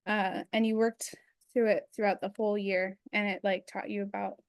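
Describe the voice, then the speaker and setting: A woman's voice: medium pitch, little pitch movement, normal speed, no echo, studio quality. A young adult woman chatting as a guest on a video call, rambling with lots of fillers. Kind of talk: casual interview chat.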